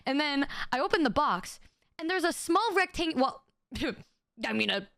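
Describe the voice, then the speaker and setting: A young woman streamer telling a funny story in casual chat, animated and laughing often, with quick stammers and restarts. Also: creaky, dry recording, clean studio sound. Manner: acts out friends' lines in quick high bursts. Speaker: VTuber streamer.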